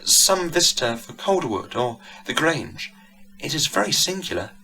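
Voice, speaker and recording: A man's voice: fairly high pitch, big pitch swings, normal speed, creaky, pushed and bright, slightly rough, voice pushed up, heavily acted, rough recording. A man putting on a trembling anxious lady. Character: anxious grieving middle-aged lady of the manor.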